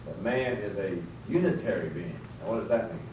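A man's voice: lowish voice, lively intonation, fairly quick. A man teaching a Bible class, explaining step by step, often rephrasing and putting questions to his listeners. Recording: roomy, distant mic, faint background noise.

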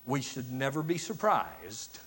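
Slow, deliberate male preacher. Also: medium pitch, big pitch swings, a bit bright, husky. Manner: slow, deliberate preaching with long dramatic pauses. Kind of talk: sermon.

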